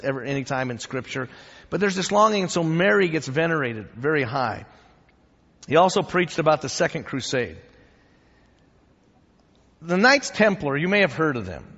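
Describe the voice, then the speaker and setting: A man preaching a sermon and teaching church history in an animated, humorous, conversational way. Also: fairly high pitch, husky. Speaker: pastor. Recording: dull echoing hall sound.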